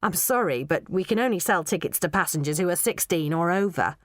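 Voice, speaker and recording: A woman's voice: on the low side, expressive, a little fast, dry recording, clean studio sound, close to an everyday voice. A woman voicing a polite, formal female airline clerk.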